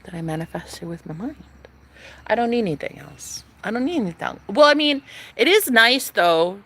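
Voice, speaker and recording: Sassy, gravelly, bright young woman vlogging. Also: medium pitch, animated, normal speed, a little hiss or hum. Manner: sassy, profane, dramatic, swinging from loud to hushed. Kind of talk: casual monologue to camera.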